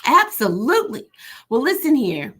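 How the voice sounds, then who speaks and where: Animated woman hosting a livestream. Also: high-pitched, normal speed, slightly rough. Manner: animated, teasing, laughs often. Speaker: livestream host. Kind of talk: casual live-stream chat reading comments.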